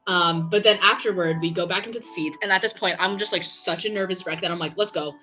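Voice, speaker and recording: On a painting stream, a young woman tells a long, excitable story, chatty and packed with fillers and quoted dialogue. She talks fast in a lowish voice, with faint music behind her.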